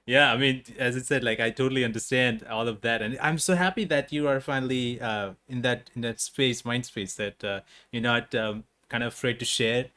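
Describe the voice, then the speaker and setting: A man's voice: medium pitch, steady tone, normal speed, hardly any pauses, sharp tone. A man hosting an interview in English, which is not his first language, talking eagerly with many fillers and giggles. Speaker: interview host. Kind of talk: casual interview chat.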